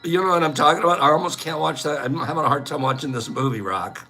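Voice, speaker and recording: A man hosts a casual live stream in a fairly high, fast voice over soft background music. He playfully teases viewers in the chat, laughs often, and bursts into loud bird calls.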